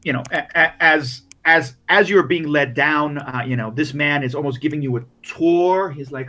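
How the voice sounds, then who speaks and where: A man's voice: a little high, moderate pace, few pauses, pushed and bright. A man narrating as game master, rambling with many restarts. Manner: rambling, full of fillers and restarts.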